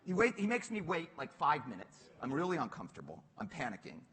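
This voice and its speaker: Middle-aged guy spinning a funny story on stage, bright voice, pitch jumping all over, laughing a lot. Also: fast talker, big-room sound. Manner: lively, self-mocking, laughing through lines. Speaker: panel guest. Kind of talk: animated onstage storytelling. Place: stage at a public talk.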